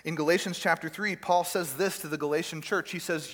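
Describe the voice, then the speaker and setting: A pastor preaching a sermon in a church room, talking conversationally with rhetorical questions and everyday examples. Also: male voice, fairly high pitch, fairly even intonation, fairly quick, few pauses, fairly bright tone, a little hiss or hum. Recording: long hall reverb.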